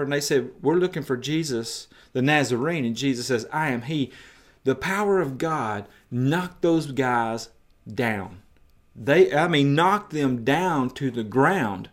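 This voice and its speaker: A man preaching a sermon, retelling a story emphatically and in vivid detail. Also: a little high.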